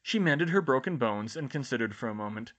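Animated man narrating an audiobook. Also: mid-range voice, a little fast, lo-fi sound. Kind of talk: scripted fan-fiction narration.

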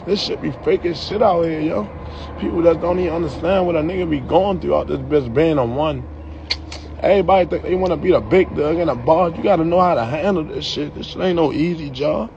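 A man's voice: fairly high pitch, a little fast, gravelly, darkish tone, muffled recording, slight background noise. A young man in a heated, profane rant to the camera, ending his lines with "yo". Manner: profane, heated, repeats "yo" at line ends.

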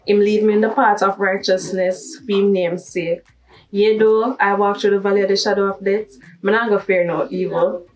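A young Jamaican woman talks in a chatty, upbeat vlog manner, her voice set at an ordinary middle pitch. She sits a little back from the microphone, so it sounds slightly distant. She moves easily between standard English and patois. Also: fairly even intonation, normal speed, a little mellow. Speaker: vlogger. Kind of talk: casual accent-tag vlog.

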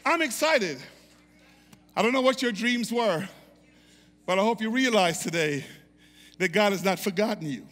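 High, bright-voiced man preaching fervently. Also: animated, moderate pace, pauses often, in a large hall. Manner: fervent call-and-response preaching, repeats phrases. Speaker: pastor. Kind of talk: sermon.

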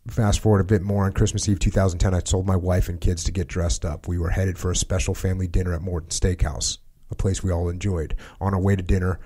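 A man hosting a podcast, reading passages from a book aloud in a measured way and adding short spoken asides. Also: sits low, warm tone, husky. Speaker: podcast host.

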